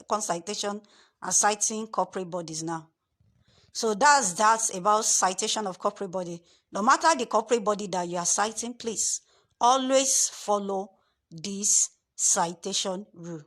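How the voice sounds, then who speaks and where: A woman's voice: mid-range voice, a bit bright. Woman tutor, screen-share lesson, repetitive, leans on key words.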